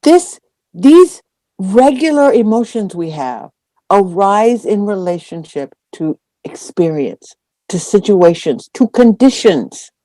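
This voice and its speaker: Woman, dharma teacher, lively storytelling, unhurried delivery, dry sound. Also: medium pitch, no room sound. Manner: lively anecdotal storytelling with acted-out quotes. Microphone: online call.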